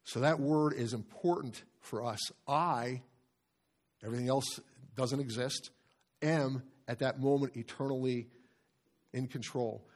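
A man's voice: mid-range voice, fairly even intonation. Emphatic middle-aged preacher man. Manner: emphatic, repeats phrases, slows down to stress key words. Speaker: pastor. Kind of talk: sermon. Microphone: handheld or stand microphone.

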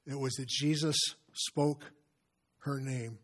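A husky-voiced man preaching an earnest sermon at a middle pitch. He often clears his throat, then slows down and goes soft to drive a point home. His voice has a slightly rough, breathy edge throughout. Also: steady tone. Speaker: visiting preacher.

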